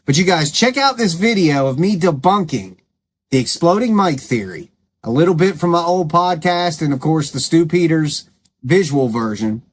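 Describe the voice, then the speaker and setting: A man's voice: on the high side, lively intonation, moderate pace. A man hosting his own commentary show, scolding and sarcastic as he rebuts claims, with an emphatic, combative delivery. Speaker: commentary channel host.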